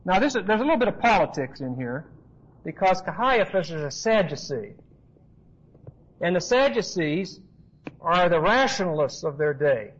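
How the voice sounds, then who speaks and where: High-voiced man teaching scripture. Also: sing-song, normal speed, breathy edge, muffled recording. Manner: explanatory, emphatic, with asides and rhetorical questions. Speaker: Bible teacher. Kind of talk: expository Bible teaching.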